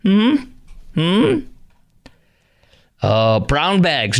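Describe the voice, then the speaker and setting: A middle-aged man hosting call-in talk radio, his voice sitting at an ordinary male pitch. He talks in a sarcastic, exasperated way and scoffs at the material he runs through. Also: fairly quick, a bit bright. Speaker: radio talk show host.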